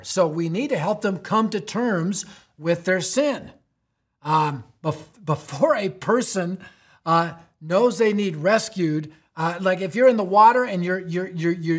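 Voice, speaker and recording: A man's voice: high-pitched, normal speed. A man hosting a youth ministry podcast, teaching emphatically in a preaching style, with rhetorical questions and frequent "right?".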